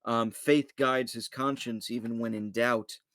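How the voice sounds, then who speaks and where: A man's voice: mid-range voice, fairly even intonation, unhurried, a bit bright, no room sound. Hesitant male player, dry sound. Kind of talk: casual play over voice chat.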